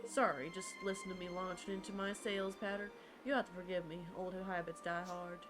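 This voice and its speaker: A woman's voice: fairly low pitch, flat delivery, brisk, close to an everyday voice, rough recording. A woman voicing a chatty, salesy male travelling merchant in a put-on Southern American accent, reading game dialogue aloud. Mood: folksy, salesy. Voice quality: long-winded sales patter. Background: game music.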